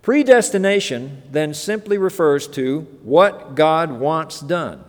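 A man's voice: on the high side, lively intonation. Emphatic male preacher in an echoing hall. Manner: earnest, emphatic, varying pace with slow stressed phrases. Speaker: pastor. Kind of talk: sermon. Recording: long reverb of a hall.

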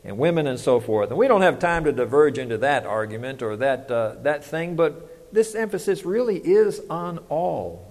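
Pastor, a touch high-pitched, talks to his flock with questions and answers, long church reverb. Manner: conversational preaching with rhetorical questions. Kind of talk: sermon.

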